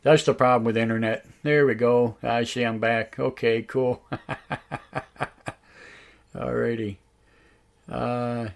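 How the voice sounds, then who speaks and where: A man hosting a live online radio show, talking in a halting, casual way with many fillers and restarts, his voice a bit raspy tonight. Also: mid-range voice, steady tone. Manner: slow, drawn-out talk. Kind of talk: casual live-stream talk.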